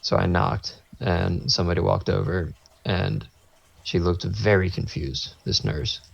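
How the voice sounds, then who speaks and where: This podcast co-host has a deep, husky voice with vocal fry and fairly even intonation, speaking without hurry. He wanders through an anecdote in relaxed chat, performing the quotes, in a dull lo-fi recording.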